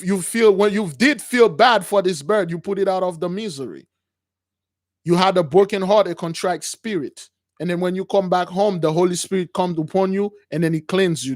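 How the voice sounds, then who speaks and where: Male call-in host with a high voice and a dry, close sound. Emphatic, repetitive preaching style. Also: dry recording. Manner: emphatic, repetitive, keeps addressing listeners as brothers. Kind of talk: preaching to callers.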